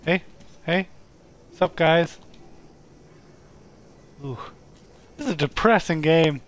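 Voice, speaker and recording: A streamer with a fairly high voice talks slowly as he plays a game live. He makes casual jokes and chats with the on-screen characters.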